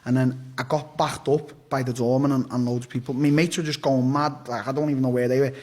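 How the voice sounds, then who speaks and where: A young man, his voice husky and a little breathy, sitting at an ordinary middle pitch. He talks bluntly and loosely, swearing as he goes and tripping over restarts. It sounds like someone recounting a story on a podcast. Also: level tone, fairly quick, a little mellow. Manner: rambling, blunt, swears freely, frequent restarts. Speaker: podcast guest. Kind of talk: casual storytelling.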